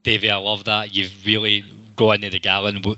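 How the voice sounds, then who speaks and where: A man's voice: lowish voice, monotone, brisk, pushed and bright, dry recording, dull audio. A man hosting a casual football podcast, chatty and jokey, swearing freely. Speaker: podcast host.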